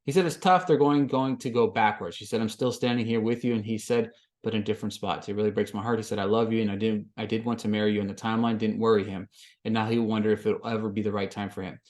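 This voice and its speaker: A man hosting a podcast, recapping a reality show in casual commentary, swinging from flat summary to loud exasperated rants. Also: lowish voice, quick pace. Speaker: podcast host.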